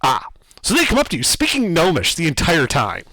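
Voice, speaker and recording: A man narrating a tabletop game as game master, describing scenes in a lively, casual way with fillers. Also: on the high side, fairly quick, dry recording.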